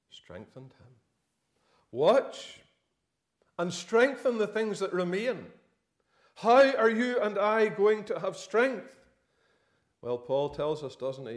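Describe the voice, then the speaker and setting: High-voiced man preaching. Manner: swings between loud emphatic lines and quiet dropped phrases; repeats words and restarts while reasoning aloud. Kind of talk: sermon.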